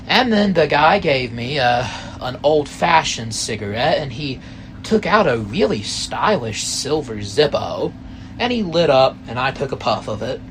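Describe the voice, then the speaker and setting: Slow, rambling male storyteller. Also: medium pitch, very animated, a bit bright, a little hiss or hum. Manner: rambling, halting, full of asides. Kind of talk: first-person spoken story.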